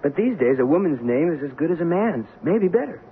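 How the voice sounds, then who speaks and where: A flustered theater agent stammers his way through a 1970s radio play, his voice rising and falling a lot. His slightly high voice comes through tinny and phone-like, with a faint hiss. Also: very animated, fairly quick. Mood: pleading. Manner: nervous and stammering. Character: flustered male theater press agent, also narrating. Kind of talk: 1970s radio drama acting.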